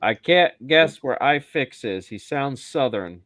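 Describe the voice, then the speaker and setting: Male host, crude joker, lively pitch, dry close-miked sound. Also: a little slow, no room sound. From Michigan. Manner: joking, crude, animated. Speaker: live stream host. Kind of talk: casual chat.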